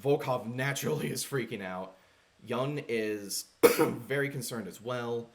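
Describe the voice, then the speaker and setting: Male game master, mid-pitched, halting narration full of fillers. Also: slight background noise.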